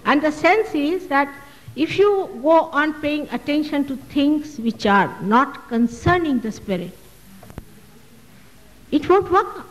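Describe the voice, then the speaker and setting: High-voiced woman teaching with force. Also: animated, slow pace, long reverb tail, low-quality recording. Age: 60s. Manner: forceful, emphatic, rhetorical questions. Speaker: spiritual teacher answering audience questions. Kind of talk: public talk Q&A. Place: public hall with audience. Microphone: loudspeaker microphone.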